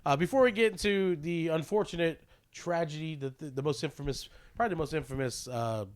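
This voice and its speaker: A young man co-hosting a casual podcast chat in a slightly higher voice. He rambles and restarts his sentences, with lots of fillers, laughs and swearing. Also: fairly quick, clear, resonant tone. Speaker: podcast co-host.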